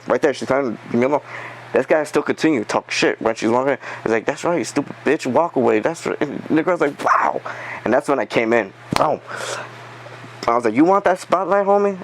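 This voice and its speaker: A man telling a story in a casual podcast chat, animated, swearing and acting out the quotes. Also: mid-range voice, poor audio. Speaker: podcast guest.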